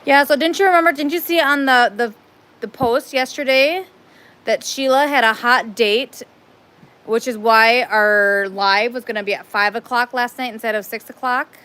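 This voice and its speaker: A woman's voice: fairly high pitch, moderate pace, fairly bright tone. A woman hosting a casual live stream, chatty and rambling, filming on a phone while walking around an outdoor cat playground. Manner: chatty, rambling, laughs easily.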